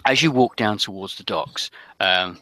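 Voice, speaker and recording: A man narrating a tabletop game as game master, with a halting delivery full of ums. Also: on the low side, sharp tone, slight background noise. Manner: hesitant, many ums.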